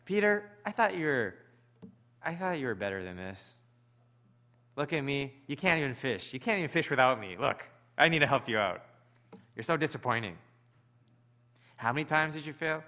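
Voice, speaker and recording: A man's voice: mid-range voice, lively intonation, fairly quick, few pauses, sharp tone. A man doing a scolding reproachful teacher. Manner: reproachful, lecturing.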